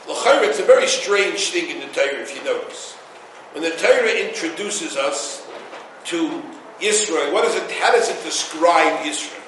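Male rabbi, high and emphatic, distant mic in a booming room. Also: slight background noise. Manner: emphatic, animated storytelling with Hebrew and Yiddish terms. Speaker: rabbi giving a Torah class. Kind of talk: Torah lecture with stories. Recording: echoey room, voice from far off.

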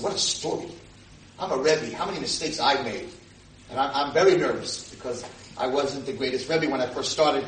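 A man's voice: roomy sound, far from the mic, a little hiss or hum, poor audio. A man giving a sermon as a rebbe, telling stories and building up to emphatic exclamations. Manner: storytelling, rising to emphatic high exclamations. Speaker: rebbe giving a Torah talk. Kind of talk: animated sermon to an audience.

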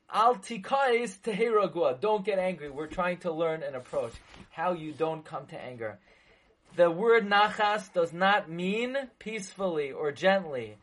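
A man's voice: high-pitched, fairly bright tone, low-quality recording. A man teaching a religious text in a lecture, making his point emphatically, repeating it and asking rhetorical questions, with Hebrew and Yiddish terms mixed into his English. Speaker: Torah teacher.

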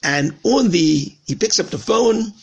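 A man's voice: sits high, animated, measured pace, breathy edge. A man from Washington, D.C., giving a conversational Torah lesson as a rabbi, earnest and telling a story with repeated phrases. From Washington, D.C., USA. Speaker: rabbi teaching.

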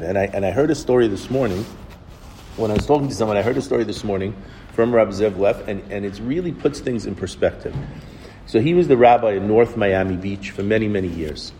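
A man's voice: fairly low pitch, dark tone. A man giving an informal Torah talk, telling a story in a conversational way and often restarting his phrases. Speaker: Torah teacher. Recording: long reverb with faint background noise.

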